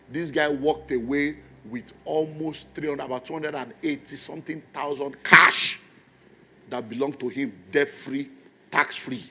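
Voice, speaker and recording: A man's voice: medium pitch, bright, forceful tone, slight background noise. A man preaching a sermon in a church, telling stories and repeating key phrases for emphasis.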